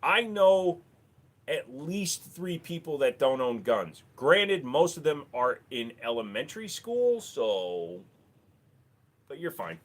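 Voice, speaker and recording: A man's voice: mid-range voice, sing-song, slow. A man hosting a casual livestream, chatting offhand with viewers, rambling and swearing freely into a desk microphone. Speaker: livestream host.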